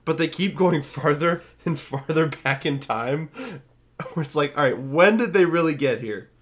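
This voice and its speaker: A man's voice: fairly high pitch, lively intonation, unhurried. Dry, sighing young man. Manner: dry, sighing, sarcastic asides. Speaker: podcast co-host. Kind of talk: casual movie chat.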